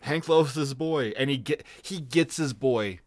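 A man's voice: medium pitch, a little slow, no echo, clean studio sound. A man co-hosting a casual podcast chat, talking fondly with laughs and swearing. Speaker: podcast co-host.

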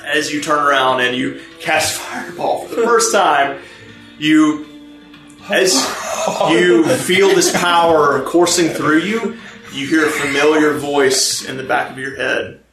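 Man, game master, relaxed storyteller, slightly high pitch, roomy echo. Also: measured pace. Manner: relaxed storyteller, many fillers and restarts. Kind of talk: narrating a tabletop game. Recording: echoey room with music underneath.

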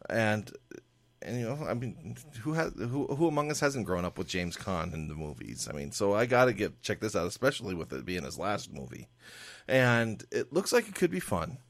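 A man's voice: lowish voice, sing-song, moderate pace, dry recording. A man on a casual movie review panel who laughs a lot and restarts his sentences. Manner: laughs often, stammering restarts.

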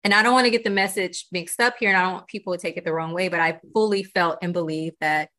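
A woman's voice: fairly low pitch, steady tone, quick pace, bright, forceful tone. A woman guest on a podcast, speaking earnestly and reflectively in candid conversation, often checking in with "you know" and "right?".

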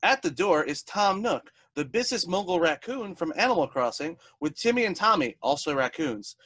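A man's voice: high-pitched, very animated, normal speed, a bit bright. A man hosting a sketch table read over a video call, chatting casually with lots of fillers and reading stage directions. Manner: casual, joking, filler-heavy. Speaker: host and sketch narrator.

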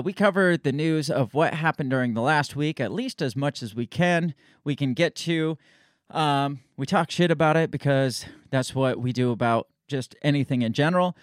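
A man hosting his own podcast talks in a loose, rambling rant, stumbling through restarts and tossing in sarcastic asides. His voice sits at an ordinary middle pitch. The sound is dry and close, with no room around it. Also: dry recording. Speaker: podcast host. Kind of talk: casual ranting monologue.

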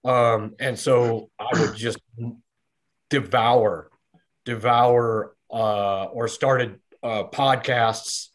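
A middle-aged man talks at an ordinary, mid-range pitch, chatting as a podcast guest. He rambles easygoing through his memories, restarting sentences and leaning on fillers. The delivery stays relaxed and conversational. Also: drawn-out words. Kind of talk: casual conversational storytelling.

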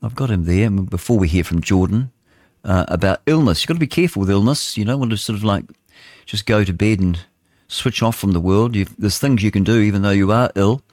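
A man's voice: fairly low pitch, fairly quick, a little mellow, dry recording, studio quality. A man hosting a radio show in casual talk, rambling and thinking aloud as he looks for his next clip. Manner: rambling, thinks aloud while hunting for clips. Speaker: radio host.

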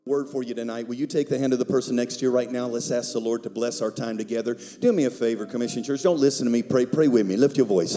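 A man's voice: medium pitch, fairly even intonation, quick pace, hardly any pauses, faint music behind. A man preaching a sermon as pastor, leading prayer and talking conversationally with humor.

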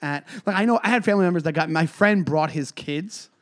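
A man co-hosting a podcast in casual chat, teasing and quick to laugh. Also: fairly high pitch, a bit bright. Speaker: podcast co-host.

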